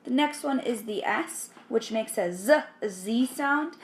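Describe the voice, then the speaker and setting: Slow, careful woman teaching sounds. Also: a little high, animated, a little hiss or hum. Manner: slow, careful, clearly enunciated. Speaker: language teacher. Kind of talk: spoken language lesson with drills.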